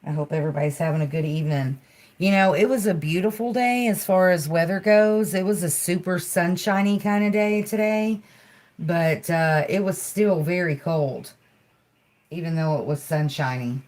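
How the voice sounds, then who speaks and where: A woman hosting a healing livestream, speaking soothing affirmations and chatting casually with soft, giggly asides. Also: on the low side, moderate pace. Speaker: livestream host.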